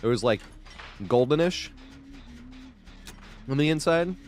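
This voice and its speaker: Male streamer, 30s, casual and rambling, quick to laugh, swears freely, home desk mic. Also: fairly high pitch, lively intonation. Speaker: live game streamer. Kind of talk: casual live-stream chat.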